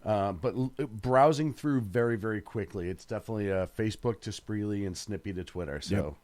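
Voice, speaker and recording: A man with a low voice co-hosts late-night talk radio. He stumbles through fillers and restarts on his way to firm opinions, recorded close and dry. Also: brisk, a little mellow, no room sound. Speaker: radio talk show co-host. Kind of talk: casual talk radio discussion.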